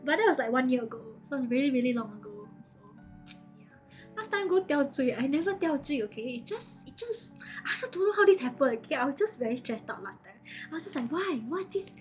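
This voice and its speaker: A woman's voice: high voice, fast, soft background music. A woman streamer, casually telling her chat a story, acting out the quoted lines with lots of laughter. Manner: animated, acts out quoted lines, frequent laughter.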